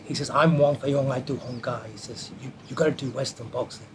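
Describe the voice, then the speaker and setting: A man telling a lively anecdote from his film career in an interview, acting out the quoted voices as he goes. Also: medium pitch, quick pace, noisy background. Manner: animated anecdote teller who acts out quotes. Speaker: martial artist and film stunt performer. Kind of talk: storytelling in an interview.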